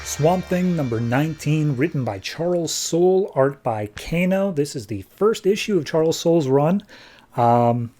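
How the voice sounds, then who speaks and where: Casual man reviewing comics, slightly high voice. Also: animated, measured pace, warm tone, faint music behind. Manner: casual, rambling with fillers. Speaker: podcast host reviewing comics.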